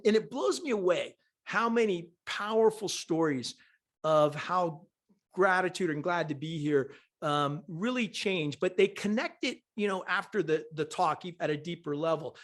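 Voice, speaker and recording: A man hosting a podcast, telling a story in an animated, conversational way and often checking in with "right?". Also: high voice, a little slow. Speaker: podcast host.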